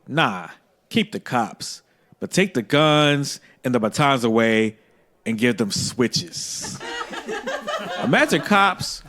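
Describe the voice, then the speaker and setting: A man's voice: medium pitch, huge pitch swings, slow. Brash, profane male stand-up comic. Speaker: stand-up comedian. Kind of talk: stand-up comedy set. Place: comedy stage before an audience. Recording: live show with loud crowd laughter.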